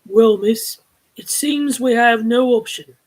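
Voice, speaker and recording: Woman reads a daring young man, firm and decisive, with a husky tone, for a storybook reading. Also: a little high, slow, darkish tone, low-quality recording. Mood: resolute. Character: bold determined young man Ben.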